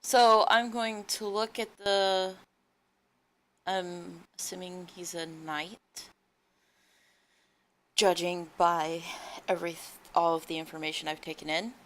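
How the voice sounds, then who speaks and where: A woman's voice: on the low side, steady tone, takes it slowly, pauses often, a bit bright, slight background noise. A woman playing a tabletop game, casually describing what her character does. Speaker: player.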